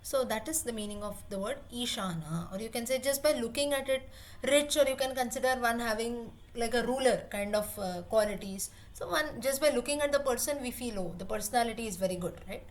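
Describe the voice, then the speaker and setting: A woman's voice: fairly high pitch, fairly quick. A woman teaching a class, explaining word meanings patiently and repeating terms as she rephrases. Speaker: Sanskrit teacher.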